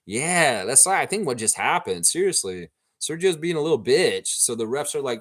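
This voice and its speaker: A man's voice: medium pitch, moderate pace. Opinionated man reacting live to a game. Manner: opinionated, excitable, rooting aloud for his team. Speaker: livestream watchalong host.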